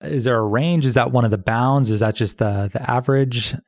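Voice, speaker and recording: A man hosting an interview show, asking questions in a light-hearted way with quick joking asides. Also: mid-range voice, no room sound, studio quality. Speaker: podcast host. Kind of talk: casual interview chat.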